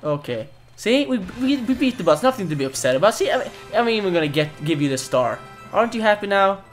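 A young man casually commentating a co-op platform game, excitable, cursing often and bursting into loud laughter. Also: high-pitched, quick pace, soft background music. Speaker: gaming video host. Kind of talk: casual let's-play commentary.

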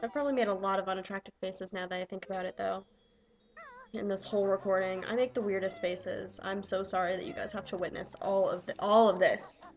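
A young woman swearing and yelling excitedly at the game she plays while commenting. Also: medium pitch, a little fast, soft background music. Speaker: let's player. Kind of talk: casual gameplay commentary.

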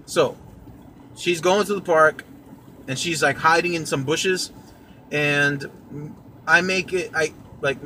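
A man's voice: on the high side, sharp tone, slight background noise. A young man hosting his own vlog, telling a personal story casually and rambling with lots of fillers. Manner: rambling, with many fillers and restarts. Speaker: podcast host and vlogger.

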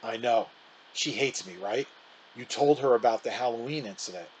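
A man voicing August, an excitable young boy, in a quick and enthusiastic manner while reading a children's book aloud. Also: medium pitch, slight background noise, natural voice, low-quality recording. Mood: worried.

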